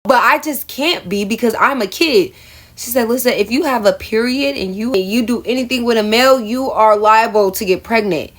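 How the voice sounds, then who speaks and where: A woman's voice: on the high side, moderate pace. Chatty woman telling a storytime. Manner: chatty, addresses viewers as y'all, laughs at herself. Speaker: storyteller vlogger. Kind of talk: casual storytime vlog.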